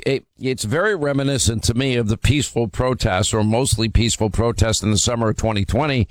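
A man's voice: mid-range voice, dry recording. A male talk radio host speaks in a mid-range voice and sounds emphatic. He often stalls on fillers and restarts his sentences. The studio sound is close and dry.

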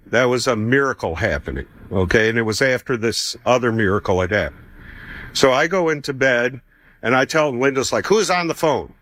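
A man's voice: medium pitch, expressive, moderate pace, a bit bright, no room sound. A man in his fifties telling a personal faith testimony, conversational and chuckling as he acts out what people said.

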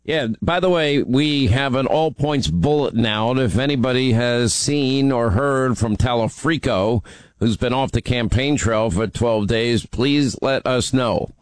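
A man's voice: mid-range voice, unhurried, no echo. Emphatic male talk radio host. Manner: teasing, then emphatic and urgent.

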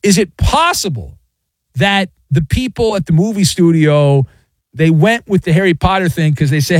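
A man's voice: sits high, lively intonation, moderate pace, no room sound. A middle-aged man hosting a radio show, rambling and joking as he reads listener messages. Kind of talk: casual sports radio talk. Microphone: studio microphone.

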